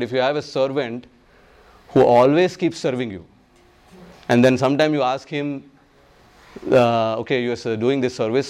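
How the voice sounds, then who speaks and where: In this scripture class, a man with a medium-pitched, darkish voice drives his points home by repeating phrases. He gives voice to the figures he quotes and slowly chants the verses.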